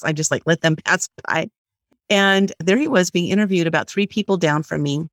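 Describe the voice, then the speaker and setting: A middle-aged woman guest on an interview, telling a story in a lively way and acting out the voices she quotes. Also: lowish voice, moderate pace, dry recording, clean studio sound. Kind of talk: animated storytelling.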